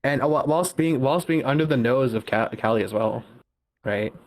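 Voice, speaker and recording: A man's voice: mid-range voice, normal speed. Young man telling a story, laughing. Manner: laughs often, restarts phrases. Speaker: guest caller. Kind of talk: casual storytelling.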